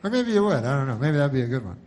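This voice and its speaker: A man doing stand-up comedy, telling a long story in a deadpan, rambling way. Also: mid-range voice, rapid-fire.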